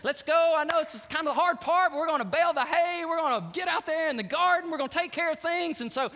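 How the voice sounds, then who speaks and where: A man doing a loud, hearty farm granddad. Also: extremely high pitch, fast talker, long reverb tail, voice pushed up, full character voice. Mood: rousing.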